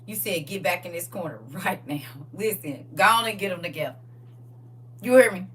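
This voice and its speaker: A middle-aged woman preaching a lively sermon to a congregation. She swings between soft asides and loud bursts and acts out the people she quotes. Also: on the low side, normal speed. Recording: distant mic with faint hum.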